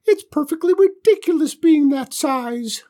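A woman voicing a pair of tiny, pompous purple alien invaders in a storybook reading, with a squeaky, bossy, indignant manner. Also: lively intonation, a little slow, mellow. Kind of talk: storybook character voice.

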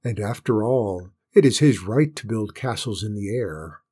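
A man with a husky voice voicing a courteous, measured chief adviser to a king in a read-aloud fairy tale. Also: on the low side, lively intonation, mellow. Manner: gracious, measured. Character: smooth courteous male royal adviser.

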